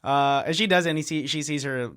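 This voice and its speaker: A man's voice: on the high side, fast, a bit bright, no room sound, studio quality. A young man hosting a casual movie review chat, retelling scenes and laughing often. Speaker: podcast host.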